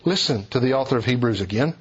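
A man preaching a sermon, emphatic and building to forceful declarations. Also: medium pitch, expressive, fast talker, breathy edge, lo-fi sound.

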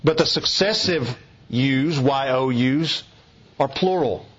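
A pastor from East Kentucky with a Southern accent, preaching an expository sermon in an earnest, emphatic, deliberate teaching cadence. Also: male voice, mid-range voice. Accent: Eastern Kentucky Southern US. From East Kentucky, USA. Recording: dull lo-fi recording.

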